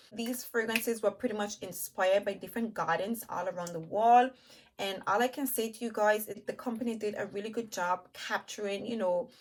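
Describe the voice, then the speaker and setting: A woman reviewing perfumes in a chatty way, talking straight to her viewers. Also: mid-range voice. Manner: chatty, enthusiastic, addresses viewers as "you guys"; lists notes while smelling, with pauses and restarts. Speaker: beauty vlogger.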